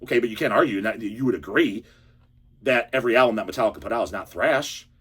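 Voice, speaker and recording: Speaking fast in a husky, medium-pitched voice, a man rants on his own channel, captured on a handheld camera or phone. His casual monologue is profane, heated and animated.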